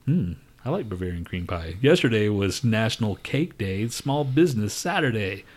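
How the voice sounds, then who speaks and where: A man with a fairly low voice co-hosting a podcast in casual banter. He rants loudly and swears constantly. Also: very animated, normal speed. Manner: profane and loud, ranting. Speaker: podcast co-host.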